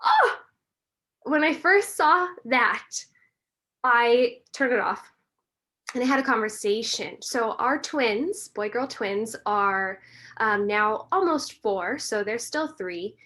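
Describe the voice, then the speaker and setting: A woman, a breathwork and meditation teacher, talking earnestly and warmly as a podcast guest in a reflective, gently spiritual way. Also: a little high, slow pace. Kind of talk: reflective conversational talk.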